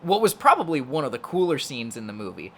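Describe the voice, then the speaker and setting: A man's voice: medium pitch, sing-song, quick pace, sharp tone, slight background noise. Rambling young man reviewing a movie. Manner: rambling, filler-heavy, swears freely. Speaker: podcast co-host. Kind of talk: casual movie review chat.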